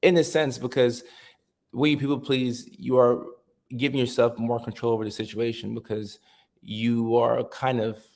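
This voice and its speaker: A man hosting a casual livestream, chatting with viewers, reading their comments aloud and repeating himself in a relaxed way. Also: medium pitch, moderate pace, gravelly. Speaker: livestream host.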